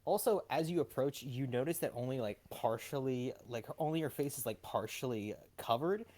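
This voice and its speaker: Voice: medium pitch, moderate pace, a little mellow. A game master narrating a tabletop game scene, hesitant and full of fillers.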